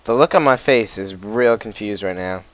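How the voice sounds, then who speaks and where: A man's voice: fairly low pitch, normal speed, fairly bright tone, dry recording. A young man co-hosting a casual podcast, answering with short, dry quips. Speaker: podcast co-host. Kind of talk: casual chat.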